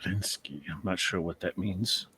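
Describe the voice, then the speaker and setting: A man playing a tabletop game casually, speaking gently and softly. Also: low-pitched, unhurried, a crowd in the background. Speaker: player.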